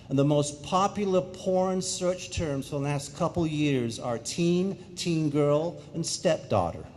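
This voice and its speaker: Energetic man giving a school talk. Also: a little high, takes it slowly, few pauses, slight background noise. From England. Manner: energetic, jokey, addresses the audience directly. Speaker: guest speaker. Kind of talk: lively public presentation. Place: high school auditorium.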